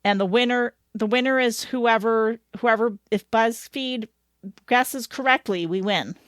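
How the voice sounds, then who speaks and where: A woman co-hosting a podcast in casual, rambling chat, quick to laugh. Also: a little high, no echo. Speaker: podcast co-host.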